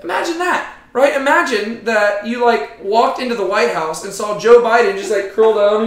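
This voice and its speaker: Brief: high-pitched man leading a Bible study, chatty, lots of "like", roomy echo. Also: normal speed, hardly any pauses. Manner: animated, frequent "like" and "right?". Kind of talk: casual Bible teaching. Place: Bible study room with a group.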